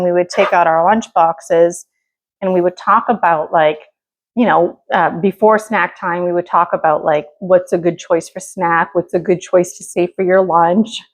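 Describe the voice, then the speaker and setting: A middle-aged woman hosting her own home cooking vlog, talking in a rambling, chatty way with many fillers while she cooks. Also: lowish voice. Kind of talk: casual cooking chat.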